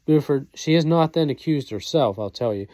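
Dude reading a proud young soldier guy, measured verse, mellow. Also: a little high, expressive, dry recording, lightly acted. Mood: cold. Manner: measured period-verse delivery. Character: young gentleman soldier, proud then grief-struck.

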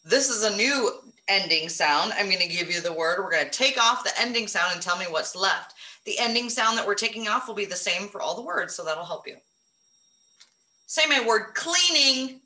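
A woman teaching a phonics lesson to young children, encouraging them and modeling each word slowly. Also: medium pitch, expressive, sharp tone, roomy sound. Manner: encouraging, drawn-out modeling of words.

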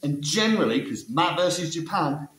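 A man's voice: on the high side, animated, moderate pace, fairly bright tone. A man explaining ideas about language learning in a casual monologue, asking rhetorical questions and tagging his sentences with "yeah?". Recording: echoey room.

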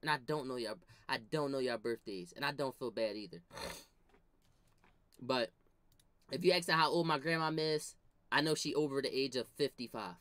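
A young man telling animated, profane comedic stories in a slangy, casual rant to his viewers. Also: medium pitch, normal speed, pauses often, no echo. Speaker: vlogger.

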